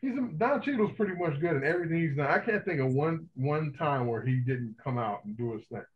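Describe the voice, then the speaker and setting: A man co-hosting a podcast, talking casually and profanely with lively enthusiasm. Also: on the high side, a little fast, lo-fi sound. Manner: animated, profane, enthusiastic film talk. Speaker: podcast co-host. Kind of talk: casual chat.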